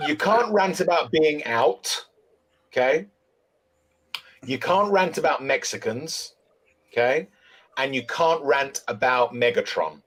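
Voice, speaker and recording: A man's voice: mid-range voice, rough recording. A man hosting a casual podcast, teasing his co-hosts. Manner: teasing, animated. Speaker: podcast host. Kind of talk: casual banter.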